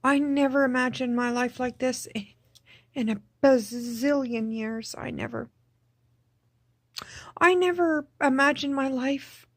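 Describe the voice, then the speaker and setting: A woman recording a personal video diary, speaking in a subdued, tearful, halting way and repeating herself. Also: sits high, no echo, clean studio sound. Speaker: vlogger.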